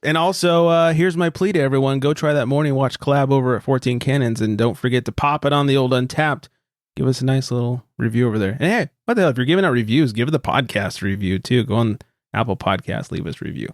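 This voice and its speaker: A man's voice: medium pitch, fast talker, no echo, studio quality. A man co-hosting a casual podcast chat. He is laid-back, laughs often and swears freely. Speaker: podcast co-host.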